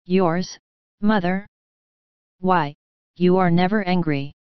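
A woman's voice: on the low side, slow, clean tone, dry recording, lo-fi sound. A woman voicing a remorseful, hot-tempered teenage girl who pleads through tears in a storybook reading. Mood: surprised. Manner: pleading, tearful.

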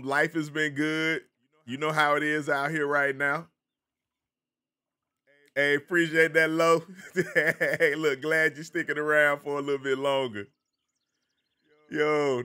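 A man's voice: fairly high pitch, sharp tone, clear, resonant tone. A man with a Southern American accent, from the Carolinas, casually chatting with viewers by name while streaming a game. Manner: laid-back, chatty, greets viewers by name.

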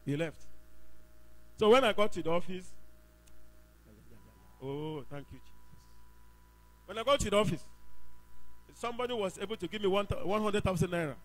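A man's voice: high-pitched, animated, normal speed, pauses often, low-quality recording. A man with a Nigerian accent gives an emphatic testimony in a church service, telling his story and bursting into praise. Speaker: church member giving testimony.

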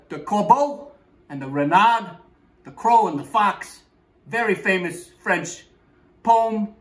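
A man's voice: high-pitched, fairly bright tone, reverberant. A man delivering a rambling comedic monologue in a brash, streetwise, crude manner. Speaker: comedic host.

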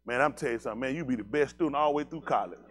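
In a mid-range voice and at rapid-fire speed, a pastor preaches in a blunt, animated, chatty style. He leans on slang, questions his congregation and frequently breaks into laughter.

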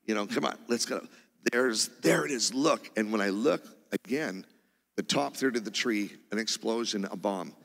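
Gravelly preacher in a big church hall. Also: male voice, fairly low pitch, moderate pace. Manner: animated, punctuated with loud exclamations. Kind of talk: sermon testimony storytelling. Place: church sanctuary.

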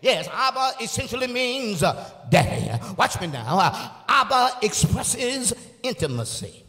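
A man's voice: extremely high pitch, very animated. A male evangelist preaching a sermon, calling on the congregation and stretching out emphatic phrases, with frequent "uh" and "amen". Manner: drawn-out emphatic phrases, rising to shouts. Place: church sanctuary. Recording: live church recording with long hall reverb.

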